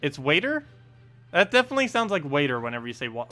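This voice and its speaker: A man chatting casually on a live game stream, playful and quick to laugh as he keeps repeating a word to test how he says it. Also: a little high, big pitch swings, sharp tone, soft background music.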